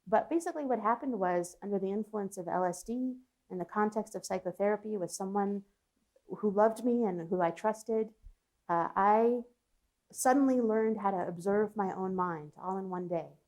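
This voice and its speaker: A woman's voice: medium pitch, moderate pace, a little mellow. A woman psychologist speaking as an interview guest, telling a personal story in an earnest, reflective way. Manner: earnest, reflective, with frequent restarts and laughs.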